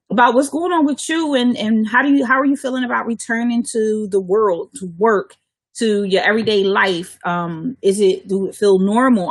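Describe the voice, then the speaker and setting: A woman hosting her own live radio talk show, chatting loosely and casually with her listeners. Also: medium pitch.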